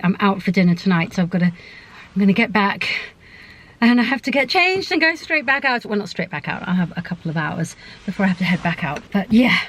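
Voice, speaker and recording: A woman's voice: medium pitch, a little hiss or hum. A woman talking casually to camera as a beauty vlogger, chatty and rambling, often correcting herself mid-sentence. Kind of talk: casual vlog chat to camera.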